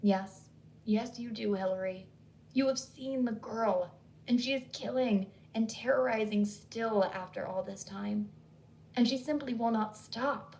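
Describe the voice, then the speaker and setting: A woman voicing an insistent Southern woman with a Southern accent, who stays calm while she presses hard. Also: on the high side, measured pace, vocal fry, recorded from a distance, slight background noise. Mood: urgent, insistent. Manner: calm but pressing, pleading.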